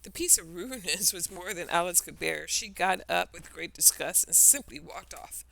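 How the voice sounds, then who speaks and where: A woman narrating a children's story in an expressive storytelling style. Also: fairly low pitch, moderate pace, creaky.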